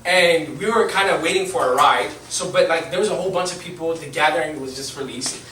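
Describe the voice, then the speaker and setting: A man's voice: fairly high pitch, brisk, pushed and bright, a little hiss or hum. A young man preaching a sermon in a church hall, telling a story with laughter and lots of fillers. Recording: echoey hall, mic at a distance.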